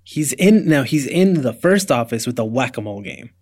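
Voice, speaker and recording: A man co-hosting a podcast in casual chat about a TV episode. He speaks emphatically and often restarts his sentences. His voice sits at an ordinary middle pitch. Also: lively intonation, moderate pace, a little mellow. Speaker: podcast co-host.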